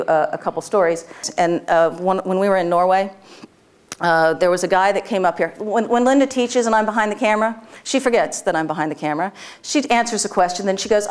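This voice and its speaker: A woman with a mid-range, slightly mellow voice presents a live workshop to an audience while tearful. She's chatty and informal, laughing often amid plenty of fillers and restarts.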